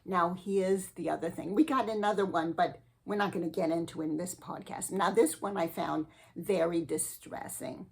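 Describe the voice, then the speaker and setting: A woman hosting a spiritual advice show, giving a slow, earnest and sweetly eccentric comic monologue. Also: fairly low pitch, steady tone, gravelly, darkish tone, husky.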